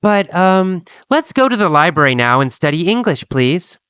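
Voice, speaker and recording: A man voicing an anxious, timid young woman who speaks haltingly and apologetically. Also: high-pitched, sing-song, fairly bright tone, clean tone, no room sound, clean studio sound, voice pushed up. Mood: pleading.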